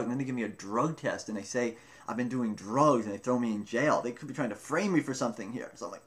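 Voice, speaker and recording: A young man casually telling a story about himself, rambling and often breaking off mid-sentence, with animated retelling. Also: medium pitch, fast. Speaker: vlogger telling a personal story. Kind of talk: casual first-person storytelling.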